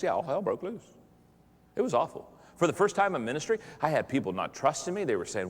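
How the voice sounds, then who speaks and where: A middle-aged man, a pastor giving a humorous live talk to an audience, telling stories in an animated, self-mocking way and often repeating words. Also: medium pitch, a little fast, big-room sound. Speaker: pastor and leadership speaker. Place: large hall with an audience.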